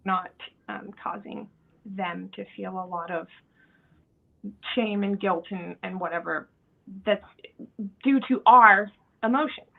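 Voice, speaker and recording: A woman hosting a casual podcast chat, talking in an animated way. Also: medium pitch, slow, vocal fry, long pauses. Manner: animated, acts out quoted voices. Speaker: podcast host. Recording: tinny phone-like sound.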